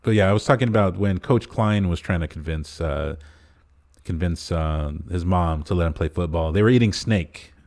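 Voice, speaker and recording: A man's voice: sits low, normal speed, darkish tone. A man co-hosting a podcast, casually retelling a movie's plot and stringing his thoughts together with lots of "uh" fillers. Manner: rambling plot recap full of "uh" fillers. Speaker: podcast co-host. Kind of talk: casual movie review chat.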